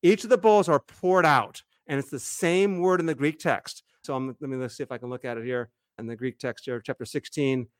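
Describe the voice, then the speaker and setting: A man's voice: mid-range voice, brisk, few pauses, clean tone, dry recording. Man explaining scripture, dry close sound. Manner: explains Greek text step by step, restarts often. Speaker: co-host, Bible teacher. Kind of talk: casual scholarly discussion.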